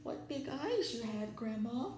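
A woman's voice: low-pitched, lively intonation, unhurried, slight background noise. A woman reading aloud, voicing a boastful, scheming male wolf villain who gloats and sneers, in an echoey room. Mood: nervous. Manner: gloating, sneering, stammering when caught. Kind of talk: storybook read-aloud.

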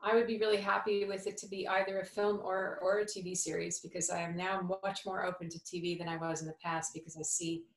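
Actress guest, woman in her fifties, slight New York tone, low-set voice, animated, echoey room. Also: fast, few pauses. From New Jersey, USA. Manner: thoughtful, animated, many fillers and restarts. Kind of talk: conversational interview.

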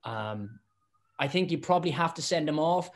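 A man in his forties, a former rugby referee, chatting on a panel and acting out stories with lively quoted voices. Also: on the high side, normal speed, creaky. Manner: animated storyteller, acts out quotes, laughs often. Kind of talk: casual panel chat.

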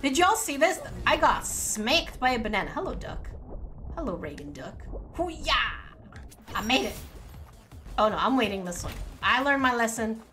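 A woman streaming a game live with her viewers, excitable and giggly, full of exclamations. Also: fairly high pitch, moderate pace, soft background music. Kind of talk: casual live gaming commentary.

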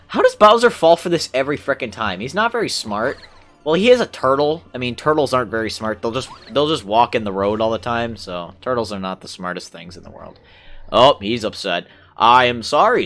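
An excitable young man chatting casually while playing a video game, with sudden excited outbursts. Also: medium pitch. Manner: chatty, excitable, mild swearing substitutes. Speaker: gamer. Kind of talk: casual gameplay commentary.

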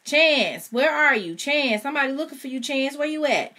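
A woman voicing a carefree young woman shouting up at a building. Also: animated, normal speed. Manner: shouting, high-pitched.

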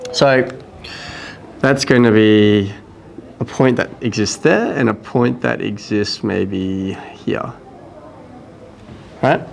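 A man's voice: fairly low pitch, vocal fry, slight background noise. A man teaching a maths lesson in a casual talk-through, thinking aloud and often checking with "right?". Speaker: math teacher.

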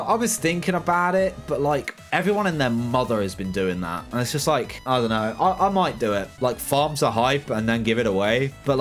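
A young British man talks to his viewers in a loose, rambling way as he plays, often restarting his sentences. His voice sits in an ordinary middle pitch. Soft music plays faintly behind him. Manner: laid-back, rambling with frequent restarts and fillers. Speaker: gaming streamer. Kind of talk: casual livestream chat, reading chat aloud.

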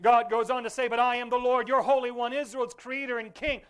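High-voiced male pastor preaching fervently. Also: level tone, brisk, clean tone. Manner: fervent preaching with call-and-response. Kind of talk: sermon. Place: church sanctuary.

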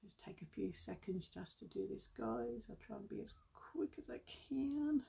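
A chatty woman from Britain hosts a casual beauty live stream, a bit out of breath. Her voice has a gravelly, husky edge. She talks to her viewers as guys and hums under her breath between tasks. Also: on the high side, lively intonation, moderate pace, warm tone. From United Kingdom. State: slightly out of breath. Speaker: beauty seller livestreaming.

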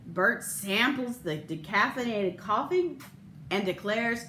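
A woman pastor preaching a sermon and telling a story in an expressive, measured way. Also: a little high, roomy sound, slight background noise.

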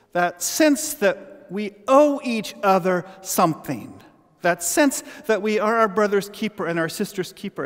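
A man preaching a sermon as pastor, telling a story with animated, halting restarts. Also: high voice. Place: church sanctuary. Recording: long church reverb.

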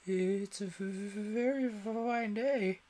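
A man voicing a timid, nervous white rabbit who talks in a hushed, hurried, stammering way. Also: sits high, slight background noise, pitched above the performer's own voice.

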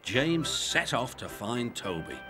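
Lively male storybook narrator. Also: medium pitch, slow. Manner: gentle, expressive storytelling. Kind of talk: scripted children's storybook narration. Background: music.

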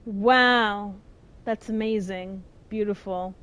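A young adult woman hosting a gaming video, giving casual let's-play commentary and getting jumpy and loud at the game. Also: medium pitch, slow pace. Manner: excitable, yells at the game, jumpy.

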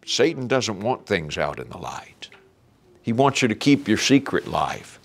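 A man's voice: fairly low pitch, very animated, unhurried, vocal fry. A man preaching a sermon, quoting and explaining Scripture verses.

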